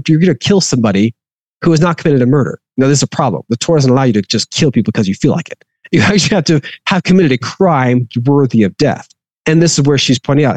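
A man's voice: a little high, darkish tone, dry recording. A man reading a scripture passage aloud and then explaining it in a conversational teaching manner. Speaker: Bible teacher.

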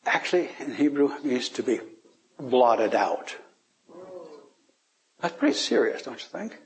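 An animated, unhurried man gives an informal Bible teaching, chuckling as he explains. He asks his listeners rhetorical questions and uses pitch swings for emphasis.

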